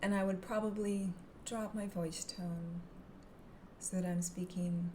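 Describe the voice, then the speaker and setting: Woman calmly explaining self-hypnosis, gentle voice, bit of faint hiss behind her. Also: lowish voice, measured pace. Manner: calm, gentle, drops into soft whispers to demonstrate. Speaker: hypnotherapy and NLP teacher. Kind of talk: instructional talk to camera.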